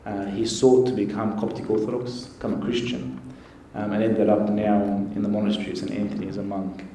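A man, a priest, giving an earnest, gentle sermon with pauses. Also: on the low side, level tone. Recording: echoey church with faint noise.

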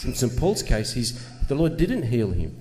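A man's voice: medium pitch, very animated, normal speed, a little mellow. Man preaching, earnest, lots of rhetorical questions, reverby church sound. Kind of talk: sermon. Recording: long reverb, faint ambient noise.

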